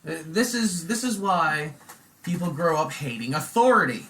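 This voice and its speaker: Young male podcast host, bright tense tone, swearing storyteller, casual chat. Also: a little high, very animated, moderate pace. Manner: profane, rambling storyteller who acts out quotes loudly.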